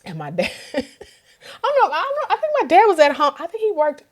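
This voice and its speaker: A woman, a guest, shares a personal story in relaxed conversation, her voice high and a little quick. She's animated, laughing as she acts out what other people said.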